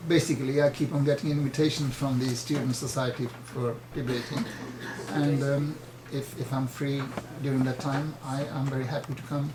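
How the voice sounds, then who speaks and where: An older man answering interview questions firmly and insistently, often halting mid-sentence. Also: medium pitch, flat delivery, echoey room, noisy background. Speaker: party chairman, interview guest.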